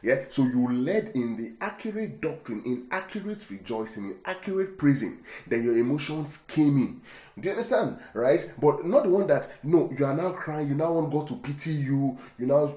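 Man, preacher, sermon, mellow tone, rhetorical questions, roomy echo. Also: medium pitch, animated, moderate pace. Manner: keeps asking the congregation rhetorical questions; repeats words for emphasis. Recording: echoey room.

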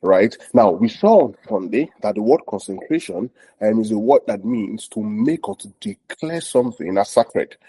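A man teaching a sermon to his congregation in a low, mellow, slightly husky voice. He repeats his points and often checks that listeners follow, with frequent fillers. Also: expressive, moderate pace, rough recording. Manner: many "um" fillers. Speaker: pastor.

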